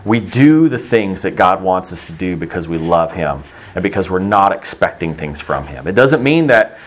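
A man's voice: low-pitched, sing-song, moderate pace. A middle-aged man from Texas preaching a sermon in a conversational, storytelling way, acting out the voices he quotes.

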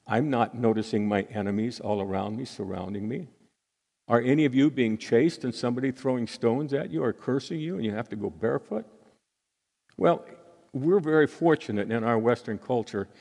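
A man preaching a sermon as pastor, earnest and unhurried, with pauses between phrases. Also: medium pitch, creaky, darkish tone. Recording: hall reverb.

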